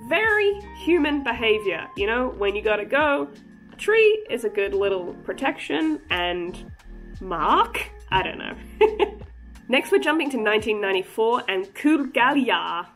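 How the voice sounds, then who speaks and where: A woman's voice: a little high, fairly bright tone. A woman hosting a casual cryptid vlog, chatty and joking, breaking into giggly asides. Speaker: cryptid channel host.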